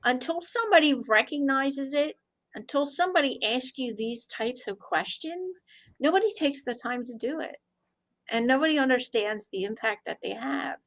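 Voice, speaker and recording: Animated woman telling coaching stories. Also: high voice, moderate pace, low-quality recording. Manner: animated, recounts conversations in dialogue. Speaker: guest, anti-bullying consultant. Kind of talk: storytelling in an interview.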